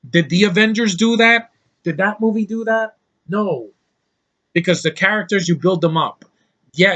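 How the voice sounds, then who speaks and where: A man with a fairly high, bright, forceful voice rants through a movie review. He sounds exasperated and sarcastic. He rambles and often restarts his sentences. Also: muffled recording. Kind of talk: ranting film review vlog.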